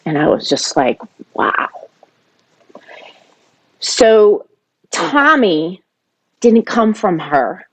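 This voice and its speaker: A middle-aged woman telling a personal family story, animated when she acts out arguments. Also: medium pitch, slow. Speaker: podcast guest.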